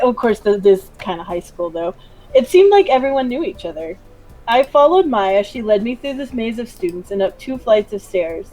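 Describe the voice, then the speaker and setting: A woman's voice: mid-range voice, warm tone, rough recording. A woman hosting a gaming video, reading visual novel narration aloud with giggly, joking asides. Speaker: gaming channel host.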